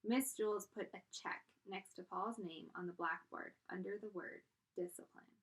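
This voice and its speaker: A woman reading a children's book aloud as storyteller, in an expressive, animated way. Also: medium pitch, normal speed.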